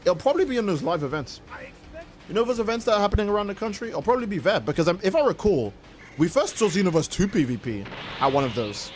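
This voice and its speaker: A man's voice: high voice, sing-song, quick pace, slight background noise. A man livestreaming a game, chatting casually and playfully with his viewers in a rambling way. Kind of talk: casual livestream chat while gaming.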